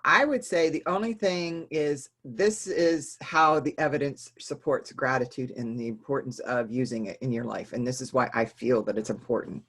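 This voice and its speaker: A woman guest on a podcast interview, talking in an animated way and repeating words when she gets excited. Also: very deep voice, normal speed, hardly any pauses, husky. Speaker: guest educator. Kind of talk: casual conversational interview.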